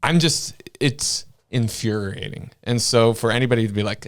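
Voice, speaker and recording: A man's voice: medium pitch, moderate pace. A man from Canada's Maritime provinces co-hosting a political podcast, blunt and passionate, with crude jokes. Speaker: podcast co-host. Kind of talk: political commentary chat.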